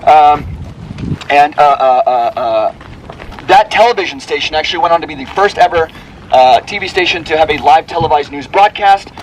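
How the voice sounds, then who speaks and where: A man with a fairly high voice guides a hike, chatty and upbeat, trading corny jokes with the group. He talks outdoors on a mountain trail. Clear wind and outdoor noise sit behind him. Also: lively intonation, normal speed, rough recording. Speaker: hiking tour guide. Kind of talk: joking tour narration.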